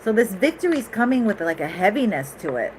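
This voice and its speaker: A woman's voice: mid-range voice, sing-song, quick pace, slight background noise, rough recording. A woman giving a casual tarot reading in a chatty, rambling way, laughing often and going off on asides. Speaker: tarot reader.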